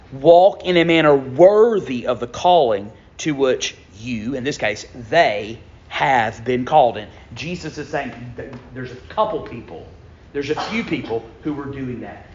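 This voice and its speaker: A man preaching a sermon in a church, emphatic, swinging from loud bursts down to low, quiet lines. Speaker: pastor. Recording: echoey room, dull lo-fi sound.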